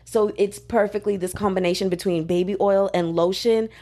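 Young woman chatting, super animated, laughs a lot, cusses casually. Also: mid-range voice, normal speed. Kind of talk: casual chat.

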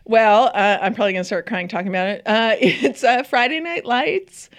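This woman, a podcast co-host, co-hosts a casual TV chat at a moderate pace in a fairly high voice. Effusive and talkative, she fills her speech with fillers and laughs a lot.

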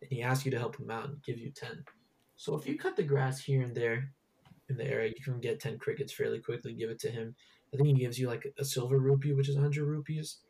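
Gravelly, husky young man rambling. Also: medium pitch, steady tone, quick pace, a little mellow. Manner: rambling with many fillers. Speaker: podcast host. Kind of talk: casual gaming chat.

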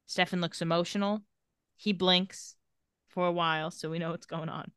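A woman's voice: fairly low pitch, normal speed, bright, forceful tone, smooth, no room sound, clean studio sound. A woman casually recapping a TV episode and reading the characters' lines with light sarcasm. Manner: retells scenes and reads quotes with light sarcasm. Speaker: podcast co-host recapping a TV episode.

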